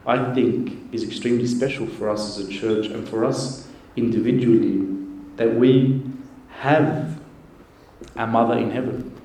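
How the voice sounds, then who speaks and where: A man, a priest, giving an earnest, gentle sermon with pauses. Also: mid-range voice, steady tone. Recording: echoey church with faint noise.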